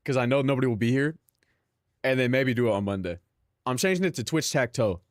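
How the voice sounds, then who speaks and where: A man's voice: medium pitch, fast, no room sound, clean studio sound. A young man streaming live, rambling casually to his chat and himself, swearing freely.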